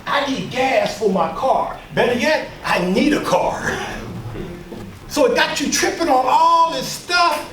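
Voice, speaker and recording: A man's voice: extremely high pitch, unhurried, background noise. A man leading a workshop, lecturing a live audience in an emphatic, preacher-like way with call-and-response and mocking asides. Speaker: workshop leader and speaker. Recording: echoey room, mic far off.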